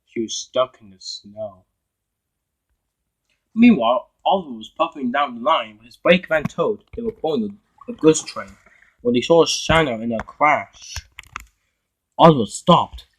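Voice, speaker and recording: A man narrating a homemade toy-train story, halting with frequent restarts. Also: mid-range voice, expressive, breathy edge, rough recording.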